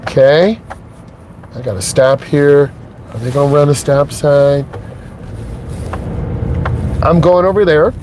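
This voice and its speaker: Shaken with emotion, a middle-aged driving instructor speaks slowly from behind the wheel of his truck, leaving long pauses. His voice is on the high side, and he earnestly repeats his points to viewers, checking in with "okay?" amid background noise.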